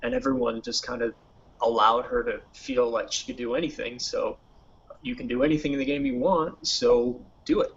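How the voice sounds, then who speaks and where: A man who designs games, talking in a relaxed, conversational way on a podcast panel, posing questions and sharing stories. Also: mid-range voice, normal speed, vocal fry. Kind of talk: casual panel discussion. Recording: dull lo-fi recording.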